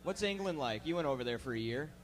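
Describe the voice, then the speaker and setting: A man's voice: medium pitch, lively intonation, quick pace, faint music behind. Brash teasing male host. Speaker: podcast host. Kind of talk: casual chat.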